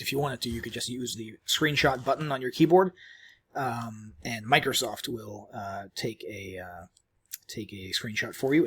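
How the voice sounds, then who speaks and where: A man giving a casual, rambling screen-recorded software tutorial, chewing as he talks, with many fillers and restarts. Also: mid-range voice, slightly rough. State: chewing while talking. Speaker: tutorial host.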